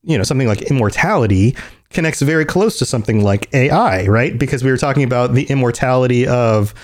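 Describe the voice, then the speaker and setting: A man's voice: medium pitch, lively intonation, fast talker. A man hosting a podcast, talking casually and thinking aloud with frequent restarts. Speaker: podcast host.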